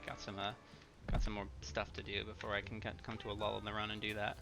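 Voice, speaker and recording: Laid-back gravelly-voiced man. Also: lowish voice, completely flat delivery, quick pace. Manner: laid-back, joking, talks to chat. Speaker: speedrunner. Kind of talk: casual gameplay commentary. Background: game music.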